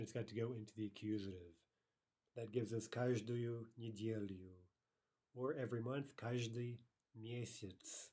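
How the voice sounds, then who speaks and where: A man teaching a recorded language lesson, explaining grammar step by step, checking in with "right?" and repeating example phrases slowly and carefully. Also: medium pitch, mellow. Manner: explanatory, frequent "right?" checks, slow careful Russian repetitions.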